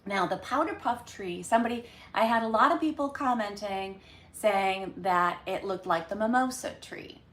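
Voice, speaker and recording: A woman hosting a casual livestream from home, rambling through her weekly recap with lots of ums and pauses. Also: medium pitch, fairly bright tone. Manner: rambling, chatty, many ums. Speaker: livestream host. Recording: echoey room.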